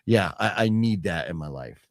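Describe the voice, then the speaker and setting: Swearing freely and reading product blurbs aloud, a man co-hosts a movie haul stream in casual, animated chat at a normal speed. His pitch swings widely while he rambles, restarts sentences and fills gaps with hedges. The sound is close and dry, with no room sound.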